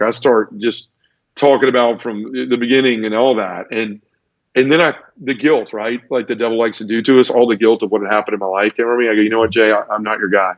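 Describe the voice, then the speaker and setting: A man telling the story of his conversion in an earnest, emotional testimony, often repeating words as he goes. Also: medium pitch. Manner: earnest, repeats words, acts out quoted voices. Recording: dull lo-fi audio.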